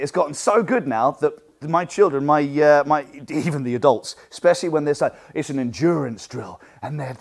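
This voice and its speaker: A man who teaches martial arts, coaching other instructors in a lively teaching talk, projecting his voice and acting out what students say. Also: a little high. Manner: loud projecting voice from the diaphragm.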